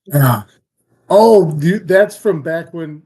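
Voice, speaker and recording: Male livestream host, chatty and easily sidetracked, cracks jokes, slightly higher voice, casual fishing talk from home. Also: animated, takes it slowly, mellow, breathy edge. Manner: rambling, joking, easily sidetracked. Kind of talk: casual live-stream chat. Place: home, indoors.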